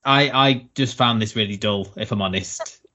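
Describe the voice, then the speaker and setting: A man's voice: on the low side, normal speed, sharp tone. A man hosting a TV review podcast, frank and plain-spoken with candid opinions. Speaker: podcast host. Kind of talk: casual review chat.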